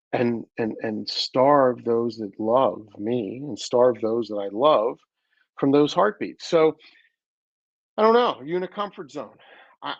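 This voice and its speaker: A man's voice: mid-range voice, gravelly, no echo, lo-fi sound. A man hosting a reflective weekly talk, speaking earnestly and searchingly, often restarting his sentences. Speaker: host.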